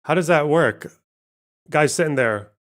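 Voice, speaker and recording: A man's voice: fairly high pitch, expressive, a little slow, a bit bright. A male streamer giving casual, sarcastic commentary, rambling, laughing and swearing. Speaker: streamer host.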